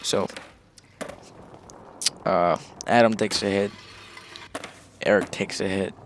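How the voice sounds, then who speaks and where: A man's voice: sits low, fairly even intonation, slow pace, slight background noise. A young man telling a casual story about his own life, rambling along with fillers and swearing.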